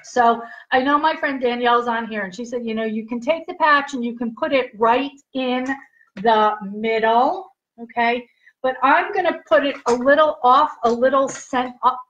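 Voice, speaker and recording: Hosting a live demo of skincare patches, a chatty, giggly woman keeps checking in with the people watching. Her voice is on the high side, pushed and bright, and the livestream sound is dull and lo-fi.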